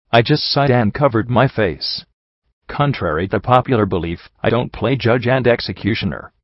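A man reading a first-person fan fiction story aloud with a steady, even delivery. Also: mid-range voice, normal speed, no echo, highs cut off. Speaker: audiobook reader.

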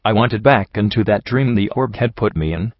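A man reading a first-person story aloud in a measured, somber way, in a dull, dry home recording. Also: on the low side, no echo. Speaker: audiobook reader.

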